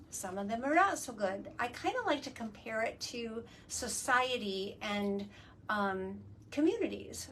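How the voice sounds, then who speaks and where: A woman hosts a casual live stream with an eager, explaining manner and plenty of ums. Her voice sits fairly high. She is recorded from a distance in a studio, with a faint hiss of ambient noise behind her. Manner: enthusiastic, explanatory, many fillers. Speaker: host. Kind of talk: casual live video chat. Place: work studio.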